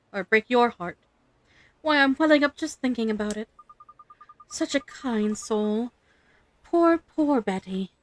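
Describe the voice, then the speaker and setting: A woman's voice: a little high, a little hiss or hum, close to an everyday voice. A woman voicing a chatty, sympathetic old woman neighbor, reading game dialogue aloud in a fussy, gossipy way.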